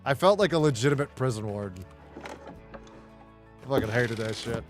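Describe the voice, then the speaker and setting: Over music, a middle-aged man streams a game and spins casual stories, cursing heavily, laughing a lot and speaking bluntly. He talks at a measured pace in an expressive, mid-range voice.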